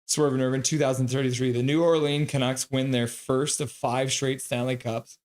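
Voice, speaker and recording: A man streams a hockey game with casual play-by-play, his medium-pitched voice level, a little mellow and moderately paced. Chatty throughout, he reads chat out loud and often laughs along.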